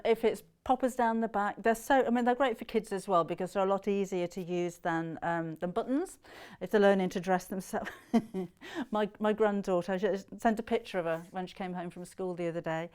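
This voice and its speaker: A woman's voice: mid-range voice, a little mellow, clear, resonant tone. A middle-aged British woman presenting a live shopping show, chatting to viewers with plenty of ums and laughs. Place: TV studio.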